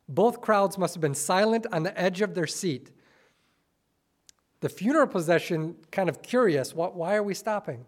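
A male pastor preaching a sermon, dramatic and full of rhetorical questions, swinging between soft and loud. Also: high-pitched.

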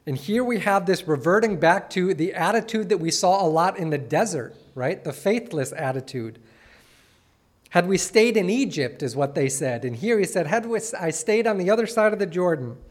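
A man with a high voice preaches a morning sermon. He reads scripture expressively, then drops into casual, conversational asides to the congregation. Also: animated, normal speed. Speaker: pastor.

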